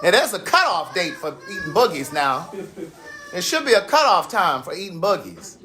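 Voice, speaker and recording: A man's voice: high voice, very animated, moderate pace, bright, forceful tone. A man in his forties hosting a casual live stream from home, chatty and often laughing. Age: 40s. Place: at home with family around.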